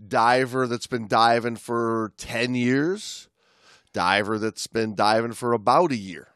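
Man, podcast co-host, teasing banter, medium pitch, dry close sound. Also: takes it slowly, fairly bright tone, no echo. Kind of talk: casual chat.

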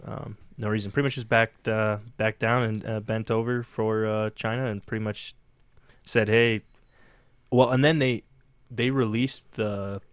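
A man co-hosting a podcast, talking in a rambling, sarcastic way with many pauses and fillers. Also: lowish voice, level tone, clear, resonant tone, no echo. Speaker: podcast co-host. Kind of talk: casual podcast chat.

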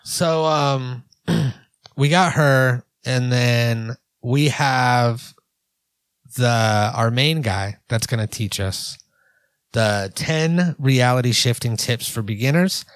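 Dry-sounding male reaction host, casual and sarcastic, middle pitch. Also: slow pace, clear, resonant tone, dry recording. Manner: casual, sarcastic, loose with fillers. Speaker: commentary host.

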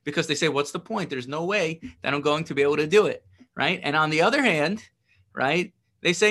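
A man's voice: a little high, lively intonation, brisk, sharp tone. A man teaching a religious text lesson, reading passages and translating them, explaining with rhetorical questions and a frequent "right?".

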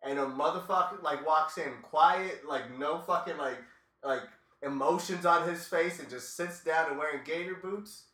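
A man's voice: on the high side, moderate pace, bright, forceful tone, reverberant, distant mic. A man hosting a casual chat with friends while they play a video game, talking loosely and swearing, with "like" in nearly every phrase. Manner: loose, profane, fills with "like".

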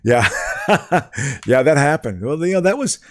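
Man, podcast co-host, casual chat, loud and yelling, laughs often, swooping animated pitch. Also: normal speed, no room sound. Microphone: studio microphone.

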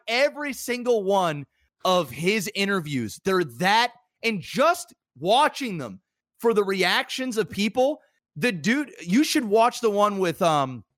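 Excitable swearing man, lively pitch. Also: no room sound, studio quality. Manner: excitable storyteller, swears a lot, says "bro" and "dude". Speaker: podcast co-host. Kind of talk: casual chat.

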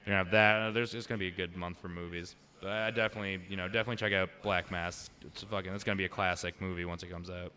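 A young man co-hosting a podcast in casual chat, animated and swearing freely, acting out movie lines as he talks. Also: deep voice, rapid-fire, hardly any pauses. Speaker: podcast co-host.

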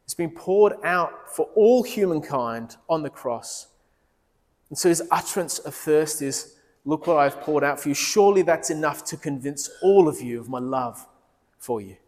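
A man preaching a sermon in a church, earnest, dropping low and soft when he quotes Jesus. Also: lively intonation, moderate pace. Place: church hall. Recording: long reverb of a large hall.

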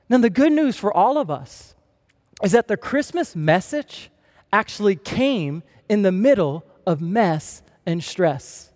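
A young man preaching a sermon to a congregation, telling a funny personal story in an animated way. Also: very high voice, measured pace. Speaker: pastor. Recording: long reverb of a large hall.

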